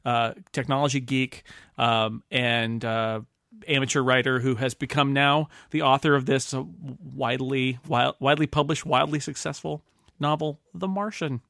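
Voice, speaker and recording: A man's voice: mid-range voice, steady tone, creaky, fairly bright tone, no echo, studio quality. A man hosting a casual book club podcast, talking in a rambling way with many restarts. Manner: rambling, halting, laughs often. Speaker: podcast host.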